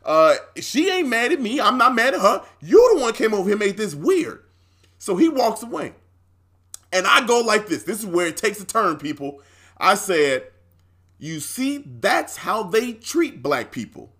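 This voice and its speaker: This young co-host's voice sits high and moves at a moderate pace. On his podcast he relates a story casually and with animation, cursing freely and mimicking what others said.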